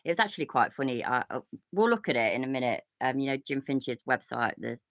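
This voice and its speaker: A woman's voice: extremely low pitch, lively intonation, fast, dry recording, muffled recording. An English woman hosting a casual reaction show, rambling, swearing often and laughing a lot. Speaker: host.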